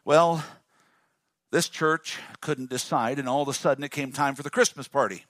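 A male pastor preaching a lively sermon and calling on the congregation to respond. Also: medium pitch, moderate pace, no echo, clean studio sound. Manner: dynamic, call-and-response with the congregation.

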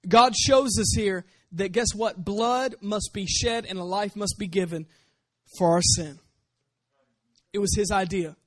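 A man preaching with a bright, fairly high voice that keeps driving the message home. He leans on rhetorical questions to press each point, and the sound is dry and close with no room echo. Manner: emphatic, repeats rhetorical questions. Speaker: pastor. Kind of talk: sermon.

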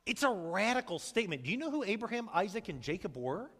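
A man preaching in a church sanctuary, his slightly high voice rising and falling with lively, dramatic swings. He moves from loud, ringing calls to hushed, low lines. The sound carries a long reverb from the hall. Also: quick pace, slightly rough. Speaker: pastor. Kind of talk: sermon.

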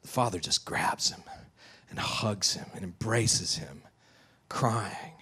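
A man preaching a sermon, retelling a story in a lively, vivid way. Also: on the low side, takes it slowly, husky. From West Texas. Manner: animated, vivid retelling with acted quotes. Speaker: pastor.

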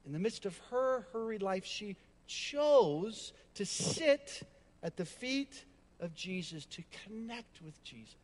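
Male pastor, high voice, emphatic sermon delivery with chatty asides, echoey hall. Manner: emphatic, repetitive, with conversational asides. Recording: long hall reverb.

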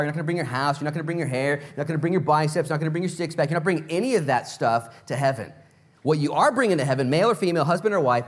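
A male pastor preaching a sermon in a casual, conversational way, full of rhetorical questions. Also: mid-range voice.

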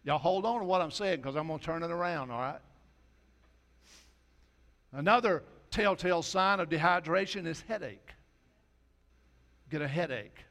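A male pastor delivers a homespun sermon. His voice sits a little high for a man, and he sinks to a hushed tone whenever he quotes scripture or other people. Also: normal speed, long pauses. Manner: folksy preaching, drops to soft quoted asides.

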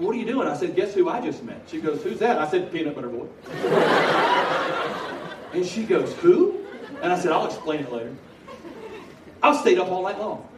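A middle-aged man preaching a story with humor, animated, shifting from loud bursts to hushed earnest telling. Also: high-pitched. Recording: echoey hall from far off, noisy.

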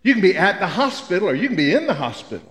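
An older preacher from Memphis delivers a sermon full of folksy, humorous stories. His voice sits high for a man. The sound rings through a church hall with a long reverb. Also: sing-song, rapid-fire, a bit bright. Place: church sanctuary.

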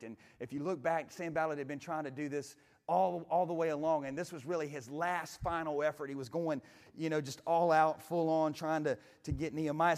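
Guy preaching a sermon in a church, kinda high voice, lots of restarts and stammers, big echoey hall. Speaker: pastor.

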